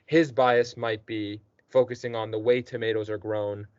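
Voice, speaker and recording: A male teacher talks a student through the work with patient encouragement, often pausing to check he is following. The recording is dry and a bit muffled. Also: lowish voice, level tone, a little mellow, clean tone, dry recording. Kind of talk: one-on-one tutoring session.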